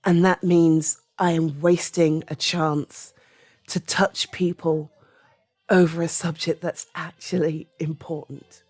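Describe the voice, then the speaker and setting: A British woman in her thirties, an audio creator, giving a soft-spoken personal opinion monologue, halting and often trailing into a whisper. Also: low voice, level tone, no echo, faint music behind. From Britain. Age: 30s.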